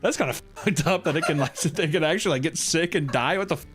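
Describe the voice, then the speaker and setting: A man's voice: a little high, fast talker, faint music behind. A man casually reacting to a video on a live stream, swearing and laughing between remarks. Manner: profane, laughing, animated reactions.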